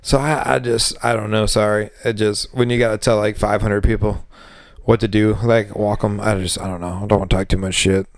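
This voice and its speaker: In studio-quality audio with no echo, a male podcast co-host talks in a level tone at a brisk pace. He vents profanely about bartending in casual chat, mimicking customers in high voices.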